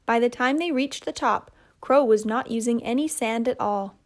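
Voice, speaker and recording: A woman telling a children's puppet story in a gentle, measured way. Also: on the high side.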